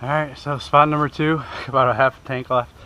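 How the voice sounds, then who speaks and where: In a low-quality recording full of clear road and outdoor noise, a hunting show host narrates his outdoor vlog. His voice is medium-pitched with a sharp tone and fairly even intonation, and he speaks fairly quickly in an easygoing, plain-spoken, self-deprecating manner.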